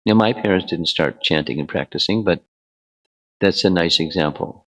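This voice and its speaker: A man giving a devotional lecture as a spiritual teacher, relaxed and bantering with his audience. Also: low-pitched, moderate pace, poor audio.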